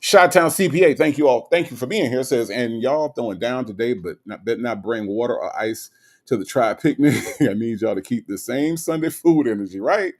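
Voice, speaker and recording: A man's voice: medium pitch, fairly quick. A man hosting a livestream in a casual, teasing way. He reads viewer comments aloud and often checks in with "okay?" and "all right?". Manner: animated and teasing, with many "okay?" asides. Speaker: livestream host.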